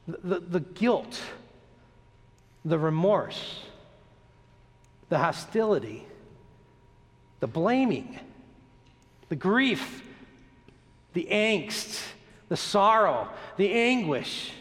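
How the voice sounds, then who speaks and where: A man preaching a sermon, dropping his voice low on slow, emphatic lists and rising sharply as he presses each point. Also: very animated, a bit bright. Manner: dramatic rises and drops, slow emphatic lists. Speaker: pastor. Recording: long hall reverb.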